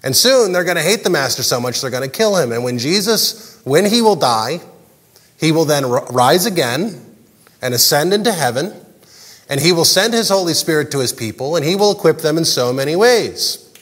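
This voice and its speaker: Male pastor, lively sermon with voiced asides, fairly high voice, big echoing church hall. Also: normal speed, husky. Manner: animated, jokey, acts out characters' lines.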